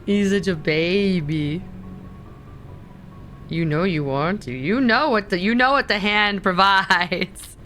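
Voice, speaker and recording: Slow, cooing woman streamer. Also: medium pitch, faint music behind. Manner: soft, drawn-out baby talk to her cat. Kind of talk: casual livestream chat.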